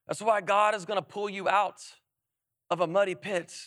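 A young adult male pastor preaching a lively sermon, emphatic, repeating phrases and prompting his audience to respond. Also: high voice, moderate pace, dry recording, clean studio sound.

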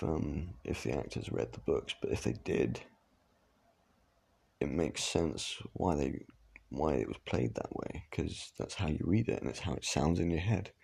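A man's voice: a bass voice, creaky, darkish tone, breathy edge. A man giving rambling, casual reaction commentary, swearing now and then. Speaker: reaction vlogger.

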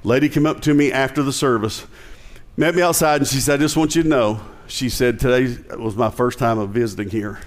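A man's voice: medium pitch, fairly quick. A male pastor with a Southern American accent, preaching a conversational sermon with jokes and emphatic rising passages.

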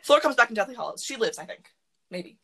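A woman hosting a podcast from her closet, chatting casually and rambling excitedly with lots of fillers. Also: a little high, quick pace, vocal fry, low-quality recording. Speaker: podcast host. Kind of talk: casual chat.

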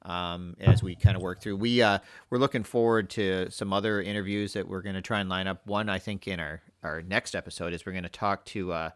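Man, podcast host, low voice, rambling casual chat, dry close sound. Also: fairly even intonation, brisk, few pauses, dry recording. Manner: rambling, heavy on "you know" fillers.

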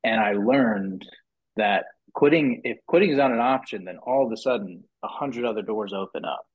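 Speaking at a normal speed in a husky voice, a business-owner guest on a podcast tells his story casually and animatedly, restarting frequently and saying "you know" again and again. He pitches his voice high to act out others' lines, over muffled lo-fi audio.

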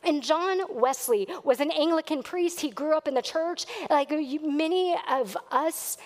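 A woman pastor delivers a sermon in a high, clear voice, taking her time over each phrase. She speaks earnestly and grows emphatic. Her voice rings with a long reverb in a church hall. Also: unhurried. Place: church sanctuary.

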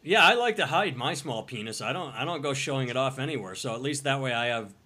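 A man's voice: mid-range voice, lively intonation, quick pace, bright, forceful tone. A man hosting a podcast, telling crude jokes and sarcastic stories in casual banter. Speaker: podcast host.

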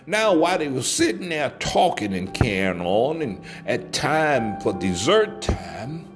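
Slow, animated male storyteller. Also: medium pitch, soft background music. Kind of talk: folksy spoken storytelling.

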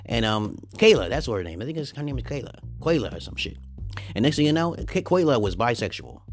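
Crude bragging guy rambling at viewers, says okay? constantly, jumps all over in pitch. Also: big pitch swings, quick pace.

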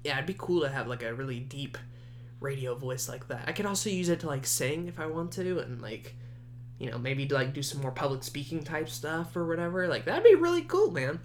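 A young man hosting his own podcast, chatting casually and rambling, often laughing, his voice jumping high at times. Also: sing-song, brisk, slight background noise. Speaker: podcast host. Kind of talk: casual solo podcast chat.

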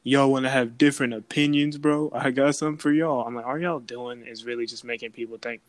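A man's voice: mid-range voice, steady tone, brisk, no echo, poor audio. A young man, chatting casually and animatedly, acting out voices in his stories. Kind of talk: casual chat.

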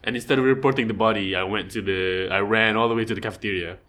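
A man's voice: lowish voice, fast. A man telling funny stories in casual chat, laughing often and acting out what others said. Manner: laughs often, animated retelling with quoted voices.

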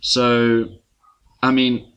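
A man co-hosting a relaxed podcast. His voice sits at a middle pitch, and he rambles in an easygoing way, often restarting his sentences. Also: drawn-out words, clear, resonant tone, lo-fi sound. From South Africa. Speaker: podcast co-host. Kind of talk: casual podcast chat.

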